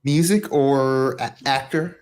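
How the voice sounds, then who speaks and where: A man's voice: medium pitch, takes it slowly, darkish tone. A man from the American South in a casual livestream chat, with dry, self-deprecating sarcasm.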